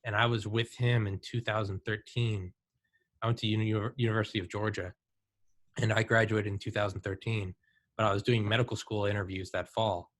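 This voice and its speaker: A podcast host in his thirties speaks fairly quickly in a fairly low voice. Keeping things casual, he tells his stories animatedly, peppered with "like" and "dude."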